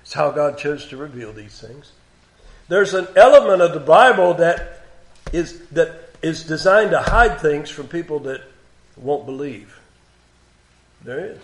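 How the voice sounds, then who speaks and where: A man giving expository Bible teaching, reading old scripture aloud with growing force and dropping to quiet comments between passages. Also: on the high side, animated, a little slow, long pauses. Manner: reads King James scripture aloud with rising force.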